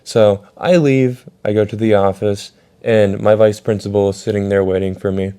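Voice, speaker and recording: A young man telling a casual storytime vlog, swearing a lot and acting out quotes loudly. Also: fairly low pitch, normal speed, clean tone. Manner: animated, swearing, acts out quotes in raised voice.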